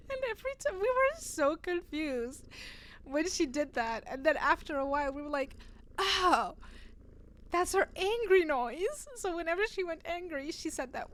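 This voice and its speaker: A faint cat purr and a little hiss or hum accompany this fairly high-voiced woman as she talks casually with her stream viewers. She recounts stories with animation and keeps breaking into giggles.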